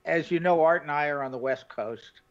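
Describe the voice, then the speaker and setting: A man's voice: a little high, brisk, muffled recording. A male host from the New York area, chatting with his guest in a friendly way with hesitant fillers over a video call. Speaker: show host. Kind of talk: casual interview chat.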